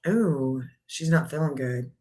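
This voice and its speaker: A woman's voice: extremely low pitch, slow pace, warm tone, breathy edge. A middle-aged woman hosting a casual live stream, thinking aloud and reading out searches as she goes. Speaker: live stream astrology reader.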